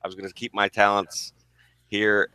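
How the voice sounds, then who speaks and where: A man's voice: fairly low pitch, monotone, moderate pace, pushed and bright, clear, resonant tone, no echo. A man co-hosting a casual wrestling review podcast, wry and easygoing. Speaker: podcast co-host.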